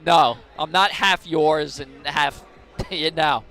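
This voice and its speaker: A man streaming as he watches an esports match, talking in casual banter with loud joking outbursts and teasing. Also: fairly high pitch, takes it slowly, faint music behind.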